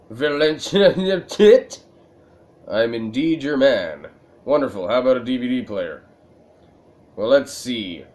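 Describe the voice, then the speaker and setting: A man voicing a stout, gruff old male junk dealer who is meant to sound German, reading the lines slowly in a lowered voice. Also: darkish tone, close to an everyday voice.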